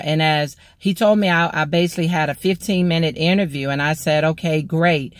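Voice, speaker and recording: A woman from Mississippi, a motivational speaker and ordained minister, telling a personal testimony in a slow, deliberate way. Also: low-pitched, dry recording, clean studio sound.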